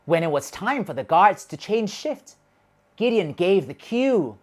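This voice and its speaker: Lively woman telling a children's story. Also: lowish voice, measured pace. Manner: animated and expressive, with shouted sound effects. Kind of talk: children's Bible story narration.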